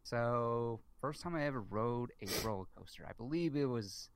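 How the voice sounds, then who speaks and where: A man with a mid-range voice tells a funny story. He acts out what people said and swears a lot, all in a relaxed, chatty way. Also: medium pitch, moderate pace, clean tone. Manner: comic storyteller, acts out dialogue, heavy swearing. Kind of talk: casual storytelling chat.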